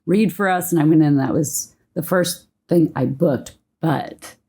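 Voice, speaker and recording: Low, husky Southern-born woman telling stories. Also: unhurried. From Tennessee, United States. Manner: animated storyteller, laughs often. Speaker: podcast guest. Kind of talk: casual interview storytelling.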